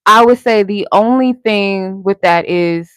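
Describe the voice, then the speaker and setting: A woman talks through a live tarot reading in a loose, candid way, cursing now and then as she encourages her listeners. Her voice sits at a middling pitch and sounds close and dry, with no room echo. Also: measured pace, clean tone. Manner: candid, conversational, salted with swearing; encouraging, motivational. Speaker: tarot reader and live stream host. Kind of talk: casual spiritual guidance and tarot reading.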